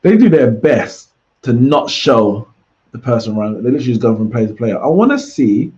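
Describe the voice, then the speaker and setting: A man's voice: mid-range voice, sing-song, brisk, a little mellow, lo-fi sound. A man hosting a live football watchalong, chatting casually and reacting aloud to the play. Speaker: watchalong host. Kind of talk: live match watchalong commentary.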